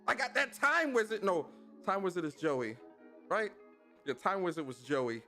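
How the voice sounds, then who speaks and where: A man's voice: high-pitched, lively intonation, moderate pace, pushed and bright, soft background music. A man hosting a casual livestream podcast, talking with energy and plenty of slang as he greets his chat. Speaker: podcast host.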